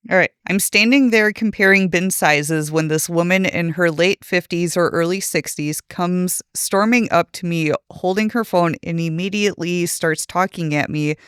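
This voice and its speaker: A man co-hosting a podcast, reading a forum story aloud in a steady storytelling way. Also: high-pitched, normal speed, hardly any pauses, smooth, dry recording, clean studio sound. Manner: steady storytelling read with quoted dialogue. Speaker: podcast co-host.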